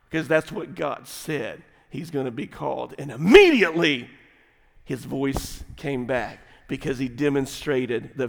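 A middle-aged man preaching a sermon, folksy and animated, dropping at times to a quiet, intimate tone. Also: a little high, gravelly. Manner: folksy, animated storytelling with sudden drops to quiet, intimate delivery. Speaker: pastor. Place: large church sanctuary. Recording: long hall reverb.

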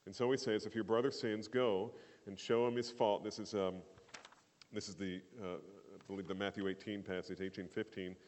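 A man preaching a sermon in an earnest, emphatic way, with loud rising bursts and quiet asides. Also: fairly low pitch, fairly even intonation, normal speed. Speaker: pastor. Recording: long hall reverb.

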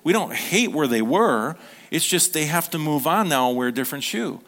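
In a fairly high, bright voice with lively intonation at normal speed, a middle-aged pastor talks conversationally through an informal sermon. He acts out short quotes for his congregation and often starts sentences over.

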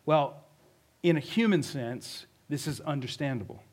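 A man preaches in a relaxed, conversational way, painting a scene and tossing out questions to his listeners. His voice sits somewhat high for a man. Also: unhurried. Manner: conversational, vivid storytelling with rhetorical questions. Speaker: pastor. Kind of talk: sermon.

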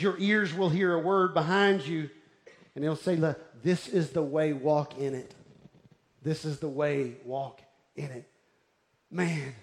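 Pastor guy preaching, fairly high voice, lots of energy, goes real quiet and hushed at times. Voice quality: bald-headed preacher, restless and wired up. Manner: animated storytelling, dropping to near-whispers. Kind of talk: sermon.

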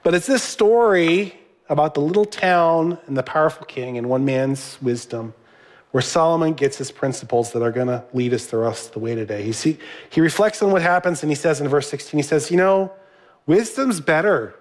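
A man's voice: a little high, expressive, brisk. A middle-aged man giving a sermon as a pastor, conversational, with asides to the congregation.

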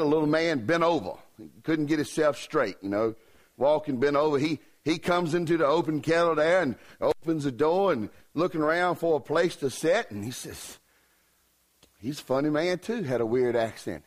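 Folksy preacher, higher voice. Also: male voice. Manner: folksy, joking. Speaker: revival preacher. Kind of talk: humorous sermon storytelling.

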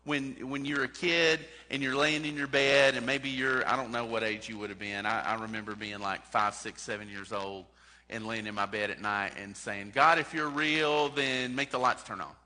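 A man's voice: on the low side, level tone, moderate pace, pushed and bright. A man preaching a sermon as a pastor, talking in a conversational way and putting direct questions to his congregation. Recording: long hall reverb.

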